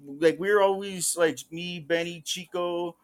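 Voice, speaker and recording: A man recounts old street encounters in loose podcast talk, sprinkling "bro" through his lines. His voice sits a little high for a man. He slips into the voices of the people he quotes. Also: steady tone, unhurried. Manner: profane street slang, says "bro" often; acts out quoted voices in the stories. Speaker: podcast guest or co-host. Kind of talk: casual storytelling chat.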